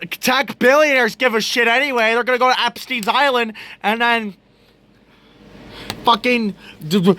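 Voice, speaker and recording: A young man vents in a profane video rant, exasperated and breaking into laughter. His pitch leaps high and dips low, and he drags his words out slowly. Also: bright, forceful tone. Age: young adult. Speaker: vlogger.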